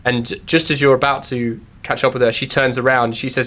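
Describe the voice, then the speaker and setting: A man's voice: medium pitch, little pitch movement, fairly quick, sharp tone, slight background noise. A man narrating as game master, hesitant and full of fillers.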